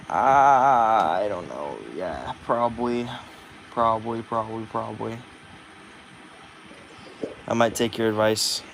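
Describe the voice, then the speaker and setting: A man's voice: lowish voice, slow, pauses often, fairly bright tone, slight background noise, rough recording. A man vlogging at home, venting his frustration and swearing often as he talks to himself. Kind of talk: casual vlog.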